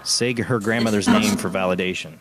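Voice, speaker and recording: A man's voice: on the low side, fairly even intonation, brisk, a crowd in the background. An American man hosting a call-in show, friendly and laughing often, stammering as he starts his sentences. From United States. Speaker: host of a call-in spirit-box show. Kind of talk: casual live-stream chat.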